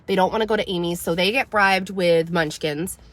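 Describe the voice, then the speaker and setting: A woman, casually telling a story to her livestream viewers, animated and loud when she quotes herself. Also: fairly low pitch, brisk. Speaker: mom vlogger telling a story.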